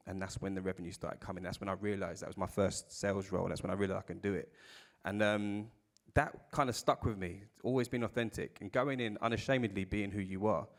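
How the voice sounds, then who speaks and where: Candid South London man, low voice. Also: fairly quick. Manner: candid storytelling with casual swearing. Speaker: panel speaker. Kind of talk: live panel conversation.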